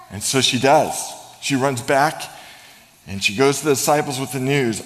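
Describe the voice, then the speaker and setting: A male pastor giving a sermon in a church sanctuary, telling the story with light humor and dropping to a hush for emphasis. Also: medium pitch, animated, unhurried. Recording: long reverb of a large hall.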